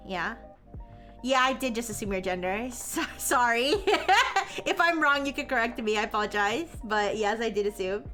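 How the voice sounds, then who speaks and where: A woman's voice: on the high side, lively intonation, moderate pace, pushed and bright, soft background music. A woman livestreamer chatting casually with her viewers, giggly and rambling with many restarts. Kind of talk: casual chat with stream chat.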